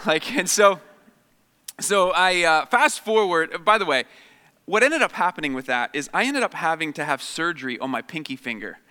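A man's voice: fairly high pitch, sharp tone, clear, resonant tone. A man in his thirties, a guest speaker telling humorous, self-deprecating personal stories to an audience, with many fillers. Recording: long reverb of a large hall.

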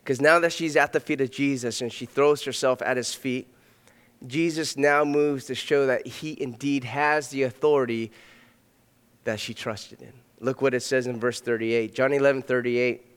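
A man preaching a sermon as pastor, earnest, swinging between loud emphatic passages and soft hushed ones. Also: medium pitch, fairly even intonation, normal speed, clear, resonant tone. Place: church sanctuary. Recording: long reverb of a hall.

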